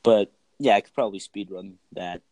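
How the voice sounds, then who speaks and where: A man's voice: lowish voice, a little fast, a little mellow, no room sound. A man chatting casually about video games, rambling with many fillers and curse words. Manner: rambling, filler-heavy, profane. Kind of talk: casual chat.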